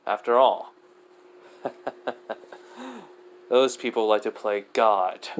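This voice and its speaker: A man voicing a calm, all-knowing deity in a fan story, brisk and dismissive. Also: fairly low pitch, slight background noise, lightly acted.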